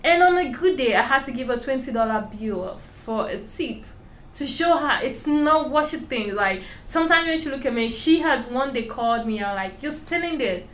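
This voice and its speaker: A woman's voice: sits high, animated, normal speed, fairly bright tone, a little hiss or hum. A young woman with a strong foreign accent, telling her story candidly and emphatically in an interview. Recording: roomy echo with faint ambience.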